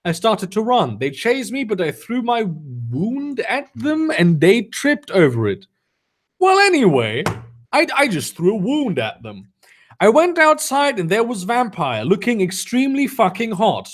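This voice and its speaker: A man reads a badly written story aloud in a high, bouncing voice and keeps stopping to mock it. His tone stays sarcastic and amused. His pitch swings a lot from line to line. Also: huge pitch swings, unhurried. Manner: sarcastic, mocking commentary between read lines. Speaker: reader of fan fiction. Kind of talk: comedic dramatic reading with asides.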